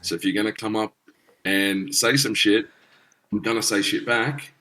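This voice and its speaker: A man's voice: lowish voice, steady tone, moderate pace, bright, forceful tone. A middle-aged man, a guest musician telling stories in blunt casual talk and swearing freely. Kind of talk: casual storytelling.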